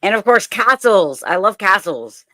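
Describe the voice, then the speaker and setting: A woman's voice: mid-range voice, very animated, measured pace, sharp tone, no room sound. A woman with a Southern US accent chatting eagerly as a guest, rambling with frequent ums. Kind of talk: casual video-call chat.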